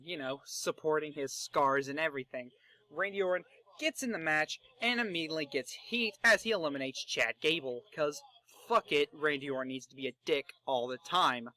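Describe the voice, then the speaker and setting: A young man narrating wrestling fantasy booking in a casual, excitable way, joking and swearing. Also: on the high side, dry recording. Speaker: fantasy booker.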